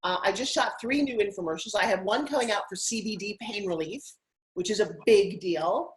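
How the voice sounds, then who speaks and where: A middle-aged woman from Long Island, a guest on an interview show, telling her life story in an energetic, effusive way. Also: medium pitch, fairly quick, low-quality recording. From Long Island, New York. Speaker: guest, TV host and fitness spokesperson. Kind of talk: interview conversation.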